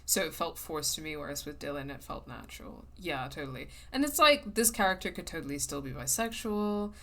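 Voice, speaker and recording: A woman's voice: sits low, animated, brisk, fairly bright tone. A young woman streaming a game, chatting bluntly and casually with some swearing. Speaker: let's play streamer. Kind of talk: casual gameplay commentary.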